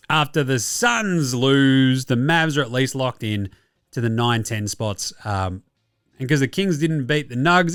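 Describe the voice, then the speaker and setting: Sweary excitable Australian sports host. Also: male voice, mid-range voice, smooth, no echo, clean studio sound. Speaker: basketball podcast host. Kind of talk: casual sports recap.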